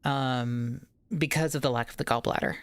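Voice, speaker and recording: Low-voiced woman streamer, chatty and hurting. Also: fairly even intonation, moderate pace, clear, resonant tone, no echo. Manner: rambling, swears casually. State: in pain, low energy. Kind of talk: casual pre-stream chat.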